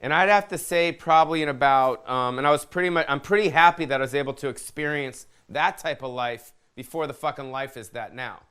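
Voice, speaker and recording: Brief: podcast host, man in his 50s, smooth and a touch high-pitched, swears freely, rambling comic rant. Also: a little fast, few pauses, a bit bright. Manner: profane, loose and jokey, asks his producer for answers.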